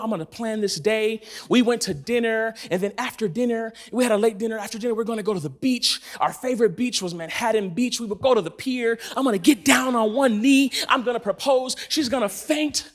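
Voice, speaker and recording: A man in his thirties from Los Angeles, preaching to a congregation and telling a story with frequent laughter. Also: high voice. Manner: animated storytelling, laughing often. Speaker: church speaker. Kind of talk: sermon. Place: church in front of a congregation.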